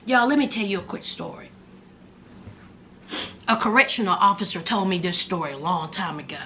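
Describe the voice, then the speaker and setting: A woman's voice: medium pitch, animated, normal speed, sharp tone, slight background noise. A woman recapping a reality show in casual commentary, sassy and exclamatory, telling it like a story.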